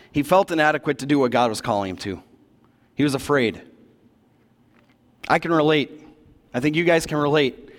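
A man preaches in a church, telling the story with a relaxed, chatty energy and slang tossed in. His voice sits a little high for a man. It rings out with the long reverb of a big hall. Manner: casual, animated retelling of scripture, slangy asides. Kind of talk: sermon.

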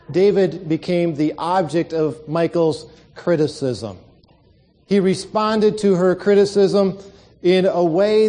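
A man's voice: high-pitched, mellow. A male pastor preaching a sermon, telling stories and asking the congregation rhetorical questions.

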